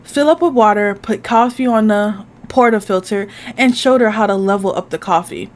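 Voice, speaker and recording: A woman's voice: mid-range voice, normal speed. A woman hosting a gaming channel, reading a dating game aloud in the first person, with casual asides.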